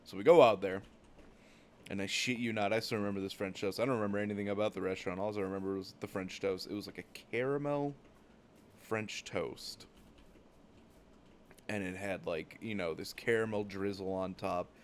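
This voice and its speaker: A young man from the United States tells loose travel stories while he plays a game. His voice sits very low, and he rambles, swears freely and leans on "like" as filler. A faint hiss runs under the recording. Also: moderate pace. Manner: rambling, profane, many "like" fillers. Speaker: gaming channel host. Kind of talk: casual storytelling while gaming.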